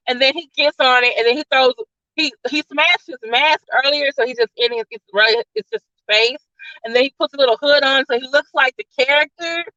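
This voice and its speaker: A woman's voice: high voice, pushed and bright, no room sound, dull audio. A woman reviewer retelling a movie plot in a casual, rambling way, full of "like" and "all of a sudden.". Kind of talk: casual spoiler-filled plot recap.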